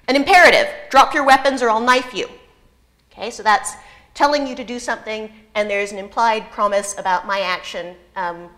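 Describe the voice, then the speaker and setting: A woman giving an academic conference talk, halting and full of fillers, with dry humor. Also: fairly high pitch, a bit bright. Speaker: lecturer.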